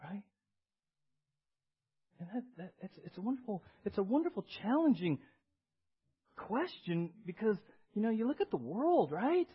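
A pastor delivers a church sermon in a husky, fairly high male voice. He presses his points with rhetorical questions and repeated words. The recording is muffled and lo-fi. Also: very animated, a little slow, pauses often. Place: church service. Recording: dull lo-fi sermon audio.

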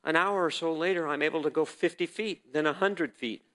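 A man preaching a personal testimony as a sermon, telling the story vividly and swinging between loud and hushed delivery. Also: fairly high pitch, a little fast.

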